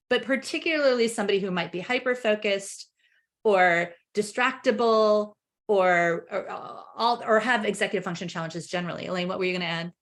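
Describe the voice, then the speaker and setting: A woman talking as a parenting coach on a webinar, animated, laughing as she explains and acting out family dialogue. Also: medium pitch. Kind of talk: webinar conversation.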